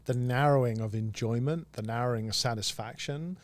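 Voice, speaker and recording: A man's voice: mid-range voice, brisk, no room sound. A man hosting a church podcast, affirming his guest and summing up the points in a casual, easygoing way. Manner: affirming, laughs easily, sums up points. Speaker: podcast host.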